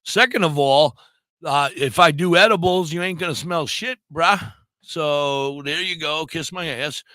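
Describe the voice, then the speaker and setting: A man's voice: a little high, a little slow, bright, forceful tone, no echo. A man co-hosting a casual radio chat show, blunt and rambling, with frequent swearing.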